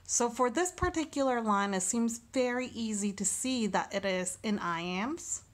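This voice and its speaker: In a recorded lesson, a woman teaches slowly and deliberately, sounding out syllables one at a time. Her voice sits on the high side and is animated.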